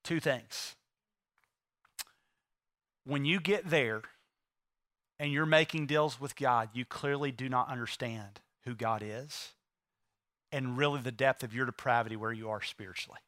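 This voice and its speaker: A man preaching a sermon to a congregation, swinging from loud, pleading acted quotes to hushed, intimate asides. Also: medium pitch, unhurried, long pauses, dry recording. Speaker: pastor.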